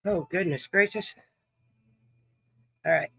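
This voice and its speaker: A woman's voice: a little high, normal speed, pushed and bright, no echo, faint music behind, low-quality recording. A woman hosting a live stream card game, chatting with viewers in a folksy, teasing, profane way while coughing and short of breath. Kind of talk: casual chat with viewers.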